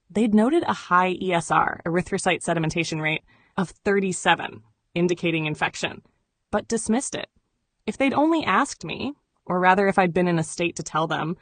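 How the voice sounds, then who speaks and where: A woman reading memoir narration in an even, measured way. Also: fairly low pitch, no echo. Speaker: audiobook narrator.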